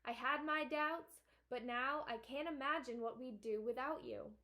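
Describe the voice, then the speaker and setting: A woman reading aloud, voicing a gruff, limping farmer father who speaks in a hearty, grumbling way. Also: high-pitched, a little slow, pushed and bright, heavily acted.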